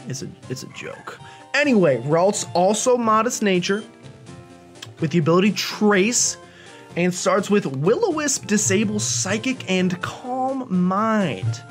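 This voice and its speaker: A chatty, jokey man gives casual commentary over his gameplay, his pitch swinging up and down with animated energy. He rambles along with plenty of fillers and asides. Soft game music sits faintly underneath. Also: measured pace. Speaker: let's play host.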